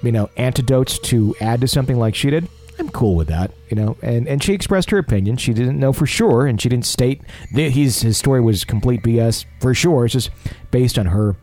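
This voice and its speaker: A man's voice: medium pitch, expressive, brisk, dark tone, faint music behind. A middle-aged man hosting a paranormal podcast, chatting casually and reading listener letters with self-deprecating humor. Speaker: podcast host.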